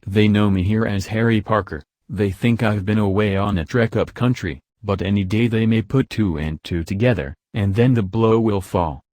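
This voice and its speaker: A man's voice: on the low side, moderate pace, hardly any pauses, darkish tone, dry recording, lightly acted. A man reading the part of a brooding, hunted young man in an audiobook, with an impassioned, pleading delivery. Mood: anguished.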